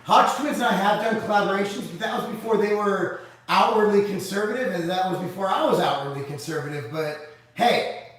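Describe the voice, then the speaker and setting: A man's voice: high-pitched, a little fast, a bit bright, distant mic. Blunt, profane man in an echoey room. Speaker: livestream host reading viewer comments. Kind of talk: casual live Q&A.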